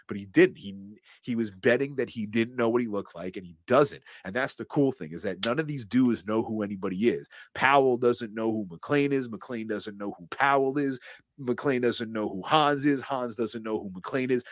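A man's voice: mid-range voice, normal speed, no echo. A man co-hosting a podcast, animatedly retelling a film scene by scene in casual chat and acting out the quotes. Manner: animated storyteller, acts out quotes and swears casually. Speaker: podcast co-host recapping a film.

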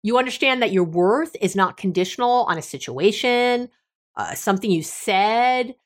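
A woman's voice: medium pitch, lively intonation, moderate pace. Emphatic, playful woman podcast host. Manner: emphatic, bossy and playful, laughs often. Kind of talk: casual self-help podcast monologue.

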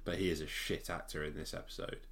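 Guy, low voice, blunt casual podcast co-host. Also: flat delivery, fast, vocal fry, fairly bright tone. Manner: blunt and opinionated. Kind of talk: casual chat.

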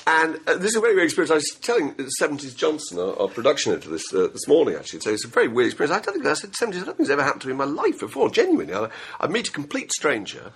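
A man's voice: a little high, huge pitch swings, racing, gravelly, few pauses, a bit bright, slight background noise. A middle-aged man telling a funny story in a casual podcast chat, laughing as he goes. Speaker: magazine podcast regular.

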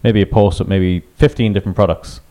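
A man co-hosting a podcast, rushing through a story with jokey asides. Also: low voice, steady tone, warm tone. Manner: rushed, restarts, jokey interjections. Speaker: podcast co-host. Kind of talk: casual chat.

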